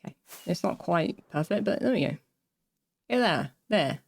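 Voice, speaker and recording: A woman's voice: lowish voice, animated, normal speed, gravelly, slightly rough. A woman streaming herself building in a game, chatting casually in a rambling way, breaking off mid-sentence and laughing as she talks to her viewers. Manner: rambling, self-interrupting, laughs often, talks to chat. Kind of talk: casual livestream chat while building in a game.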